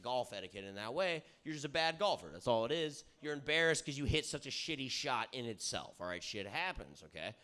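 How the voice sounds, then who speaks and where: A rowdy young man spins a sweary story among friends, his voice bright and cutting. He sits a little higher than most men and keeps pausing to ask if everyone is following, growing louder as he gets excited. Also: clean tone. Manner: rowdy, swearing, keeps saying "all right?" and "dude"; gets loud and excited at times. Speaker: comedy podcast host. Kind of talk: casual storytelling chat.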